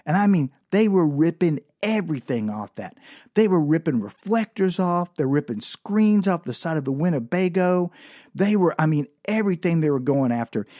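A man's voice: a little high, mellow, no echo, clean studio sound. A man telling a rambling, exasperated comic story about a family trip.

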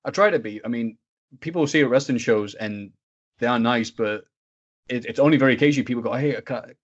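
A man's voice: medium pitch, quick pace. A man from the United Kingdom, a podcast guest rambling through anecdotes and acting out the quoted voices. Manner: rambling, animated, laughs and acts out quoted voices. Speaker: interview guest. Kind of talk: casual storytelling chat. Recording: dull lo-fi audio.

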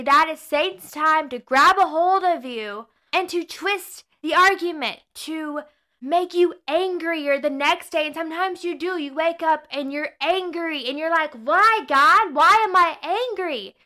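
Young woman podcast host, high bright voice, earnest preachy chat, keeps correcting herself. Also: unhurried. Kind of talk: casual faith podcast talk.

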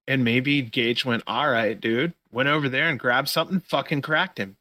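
A male podcast host gives a casual recap as loose, profane play-by-play. His mid-range voice is bright and forceful at a moderate pace, recorded close and dry with no room sound.

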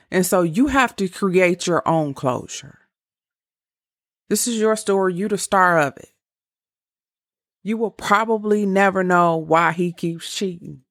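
A woman of about fifty talks through relationship advice in a slow, blunt, candid way and swears freely. Her voice is gravelly with a rough fry. The sound is dry and close. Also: fairly low pitch, no room sound. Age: around 50. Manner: blunt, profane, candid with laughing asides. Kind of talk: casual advice monologue.

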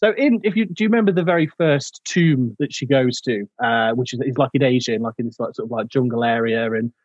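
A man's voice: mid-range voice, quick pace, no room sound, dull audio. A man chatting casually about a film, rambling with many fillers and restarts. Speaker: podcast co-host.

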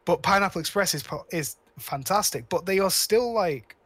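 A man's voice: high-pitched, expressive, moderate pace, a bit bright, dry recording. A man co-hosting a podcast, rambling casually about films with lots of restarts and cheerful swearing. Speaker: podcast co-host. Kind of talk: casual chat.

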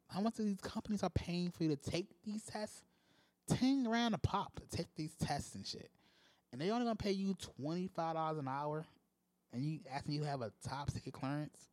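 Profane, ranting man with a slightly high voice. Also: normal speed, no room sound. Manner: profane, exasperated venting with lively pitch swings. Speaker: podcast host. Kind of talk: casual solo rant.

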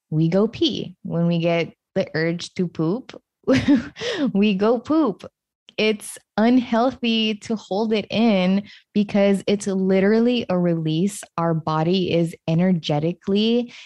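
A woman hosting her own podcast, speaking in a reflective, unhurried way with gentle stresses. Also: fairly low pitch, no room sound. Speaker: podcast host. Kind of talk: solo podcast monologue.

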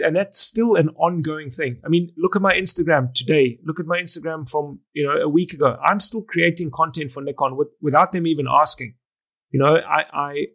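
Man, middle-aged, photographer guest in an interview, lively storyteller, restarts often, fairly high voice. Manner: animated, acts out conversations, frequent restarts. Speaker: wedding photographer and educator.

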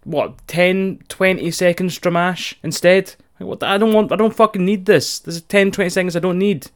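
A man's voice: sits high, moderate pace. Ranting Scottish man recapping wrestling. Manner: profane, animated, ranting. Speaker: podcast co-host. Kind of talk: casual wrestling recap chat.

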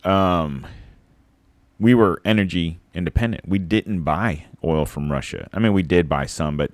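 A man's voice: deep voice, unhurried, dry recording. A man giving a rambling, sarcastic opinion monologue, swearing and laughing at his own points.

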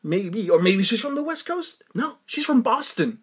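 Man, music reaction host, husky voice, animated pitch, excitable, laughs a lot. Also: normal speed. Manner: excitable, laughs often, tells anecdotes. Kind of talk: casual music reaction chat.

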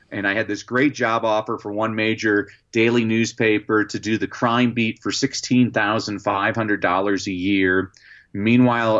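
A man being interviewed as an educator and motivational speaker, telling lively stories with many "uh" fillers. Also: fairly low pitch, muffled recording. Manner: lively anecdotes, frequent "uh" fillers. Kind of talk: storytelling in a podcast interview.

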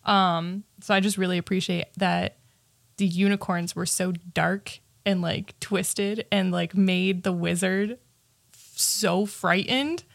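A woman's voice: fairly low pitch, fairly even intonation, takes it slowly, vocal fry, no echo, clean studio sound. A woman co-hosting a podcast, chatting animatedly about a movie and laughing often. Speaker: podcast co-host. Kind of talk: casual movie review chat.

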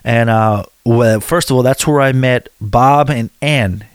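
A man's voice: mid-range voice, a little slow, clean tone, dry recording, studio quality. A middle-aged American man casually recounting his evening out, rambling with restarts and chatty asides. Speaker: vlogger recounting a cruise stop. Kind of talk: casual storytelling.

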